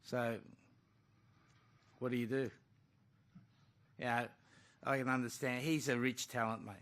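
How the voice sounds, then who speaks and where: A man's voice: medium pitch, little pitch movement, a little slow, fairly bright tone. A man, a rugby coach, answering reporters at a press conference in a blunt, conversational way. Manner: blunt, conversational, calls people mate. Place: press club room.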